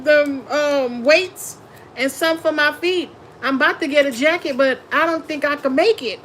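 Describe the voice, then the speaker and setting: Woman tarot reader, slow and drawn out, slangy live-stream chat, quick to laugh. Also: sits high, a bit bright, slight background noise, rough recording. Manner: chatty, laughs often, slangy and blunt. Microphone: phone or webcam on a live stream.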